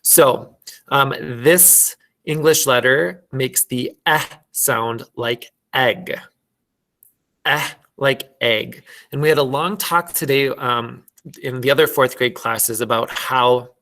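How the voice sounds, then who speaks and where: A man's voice: mid-range voice, sharp tone. A man with a Minnesotan accent, teaching fourth graders an online class and patiently sounding out words. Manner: slow, patient, sounding out phonics.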